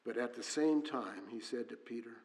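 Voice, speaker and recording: A man's voice: mid-range voice, moderate pace, a little mellow. A man preaching a sermon with earnest delivery, reading scripture aloud and often restarting with fillers. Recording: long hall reverb.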